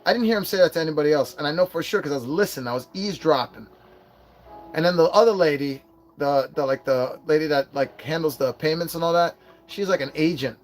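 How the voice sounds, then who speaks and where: A man's voice: fairly high pitch, quick pace. A man in his forties, hosting a casual livestream and telling a rambling, profane story. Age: 40s. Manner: profane, rambling storytelling with put-on quoted voices. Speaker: livestream host.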